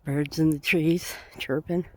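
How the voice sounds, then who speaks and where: A woman's voice: deep voice, fairly even intonation, unhurried. Breathless woman chatting on a walk. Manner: chatty, rambling, laughs softly. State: has a cold. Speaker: vlogger. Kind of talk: casual vlog chat while walking. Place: outdoors on a sidewalk.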